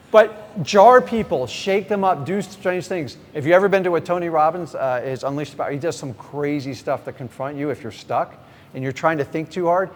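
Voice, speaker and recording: A middle-aged man teaching a live seminar. He is energetic and direct, often questions the audience and then answers himself. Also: medium pitch. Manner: energetic, direct, acts out sample conversations. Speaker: real estate investing trainer. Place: large event hall with a live audience. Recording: echoey hall, faint background noise.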